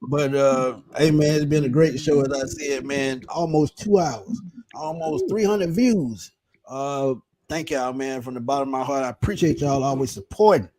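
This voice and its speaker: A man hosting a sports fan show, signing off in a relaxed, drawling way and thanking viewers. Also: medium pitch, normal speed, dry recording. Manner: laid-back, drawling, says man a lot. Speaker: podcast host. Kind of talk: casual sports talk wrap-up.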